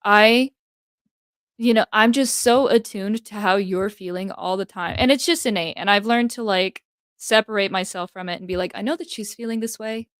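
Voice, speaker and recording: A woman's voice: mid-range voice, moderate pace, a bit bright, no room sound. Reflective young woman, dry close sound. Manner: thoughtful, filler-heavy, reflective. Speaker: guest, host's daughter. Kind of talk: casual heartfelt conversation.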